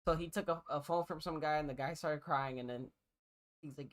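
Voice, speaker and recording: Male streamer reacting loudly, off-mic, disbelieving and boisterous. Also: a little high, fairly quick. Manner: loud, incredulous, laughing reactions. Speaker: streamer host. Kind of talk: live reaction commentary.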